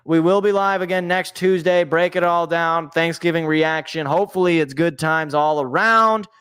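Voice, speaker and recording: A young man hosting his own sports podcast speaks in a fairly high, slightly bright voice that's clear and resonant, at a moderate pace. In this casual solo sports talk, he rambles into joking, self-deprecating tangents.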